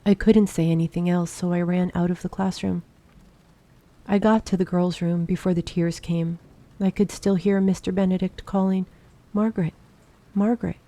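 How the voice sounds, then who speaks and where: Brief: woman audiobook reader, sleepy bedtime narration, very mellow and dark, steady delivery. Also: lowish voice, normal speed.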